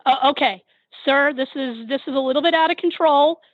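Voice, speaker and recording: A woman's voice: sits high, a little fast, dry recording, phone-quality sound. Firm woman manager on the phone. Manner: firm and patient, repeatedly asking the caller to calm down. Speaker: restaurant manager. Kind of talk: phone customer service.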